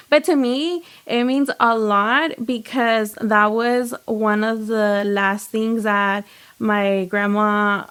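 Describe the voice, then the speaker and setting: Young woman telling an animated story. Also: a little high, unhurried, clear, resonant tone. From United States. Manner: animated, lots of "like" and quoted dialogue. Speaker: guest, home baker and business owner. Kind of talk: casual storytelling chat.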